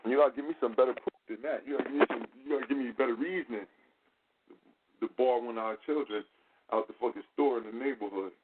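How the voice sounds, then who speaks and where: A man's voice: mid-range voice, fast. A man telling a story in a casual, profane way, acting out quotes in a raised voice. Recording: phone-like line with faint noise.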